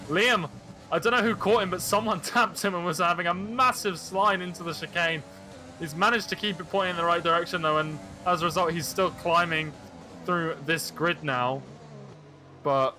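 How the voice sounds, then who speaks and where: A man's voice: fairly high pitch, sharp tone. A man giving color commentary on a sim-racing league race, breaking down moves and tyre strategy. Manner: analytical, follows onboard cameras.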